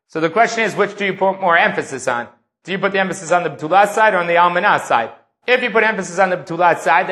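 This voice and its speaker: A man lectures on Talmud in a high, ringing voice. He reads each Aramaic line, then works through its meaning in English, step by step. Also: pushed and bright. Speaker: Talmud teacher.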